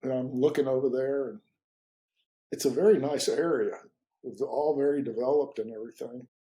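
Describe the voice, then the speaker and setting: A man telling a story in an interview, in a halting way with many repeats and fillers, and lively when he retells conversations. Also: mid-range voice, poor audio. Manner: animated when retelling dialogue. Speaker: interview guest.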